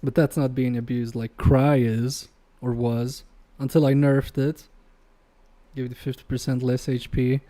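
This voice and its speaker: A man on a live repair stream talks in an unhurried, unrushed way, tossing jokes and mild swearing at his chat between laughs. His tone is soft and mellow, with a middle pitch, as he chats casually over his work. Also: level tone. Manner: joking, swearing banter with chat; laughs often between remarks.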